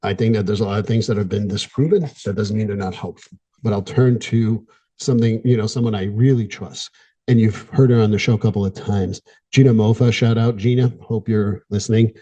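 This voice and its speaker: A middle-aged male therapist speaks in a podcast monologue, earnest and candid, pausing often. His voice sits low and dark, with a husky edge. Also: fairly even intonation, muffled recording. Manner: earnest, candid, pausing, gets emotional at times.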